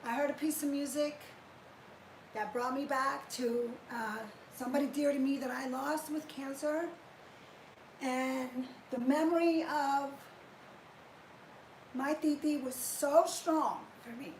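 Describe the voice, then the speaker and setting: A woman's voice: sits high, steady tone, slow pace, roomy sound, a little hiss or hum, rough recording. A woman in her fifties chatting animatedly on a live fitness stream, greeting viewers by name. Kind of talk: casual live chat to viewers.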